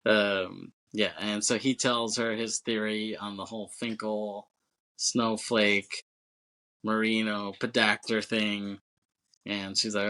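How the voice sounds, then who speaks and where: A man co-hosting a podcast, with a lowish voice that sounds bright and forceful. He recaps a film in a rambling, casual way, leaning on "like" and "you know", swearing freely and chuckling as he goes. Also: level tone, slow pace, rough recording. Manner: rambling and loose, heavy with fillers, swears and chuckles. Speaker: podcast co-host. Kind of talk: casual movie-recap chat.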